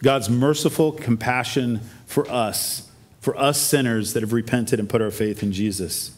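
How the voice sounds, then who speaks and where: A man's voice: mid-range voice, steady tone, a little slow. Man preaching an earnest sermon. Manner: earnest preaching, rhetorical questions to the congregation. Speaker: pastor. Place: church sanctuary.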